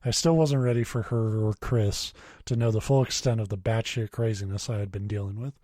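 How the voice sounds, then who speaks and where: A man's voice: on the low side, steady tone, fairly quick, dark tone, no echo, clean studio sound. A man co-hosting a podcast, chatting loosely, swearing and laughing, and reading a horror story aloud in a plain voice. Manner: swears freely, laughs often, reads quoted dialogue plainly. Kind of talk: casual chat and story reading.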